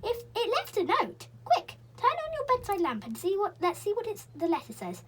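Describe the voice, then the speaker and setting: A woman's voice: extremely high pitch, wildly swooping pitch, normal speed, a bit bright, slight background noise, voice pushed up, full character voice, rough recording. A woman voicing Joe, a cautious, sensible boy in a storybook, talking in an earnest, careful way. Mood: urgent.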